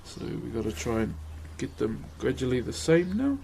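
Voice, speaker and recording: A man's voice: mid-range voice, very animated, normal speed, creaky, dark tone, slight background noise. A young man with a New Zealand accent, chatting casually on a live stream while he carves wood, laid-back and laughing often. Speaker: streamer and woodcarver.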